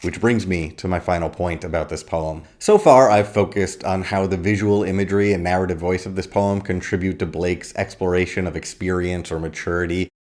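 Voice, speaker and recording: A man giving a scripted video lecture on poetry, measured and explanatory, reading verse lines slowly. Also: low voice, fairly even intonation, a little mellow. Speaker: literature lecturer.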